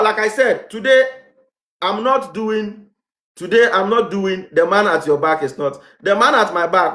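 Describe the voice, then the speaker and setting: Ghanaian guy ranting on his vlog, kinda high voice, keeps asking "is it not happening", room echo. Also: a bit bright. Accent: Ghanaian English. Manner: heated, repetitive rhetorical questions. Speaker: vlogger. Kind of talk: impassioned commentary monologue.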